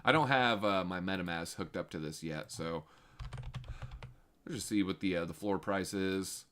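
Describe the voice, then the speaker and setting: A man hosting a casual crypto livestream, reading chat messages and reacting in a slangy, animated way that swings from low mutters to loud excited outbursts. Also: moderate pace, a little hiss or hum. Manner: slangy, reads viewer chat aloud. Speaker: crypto show host.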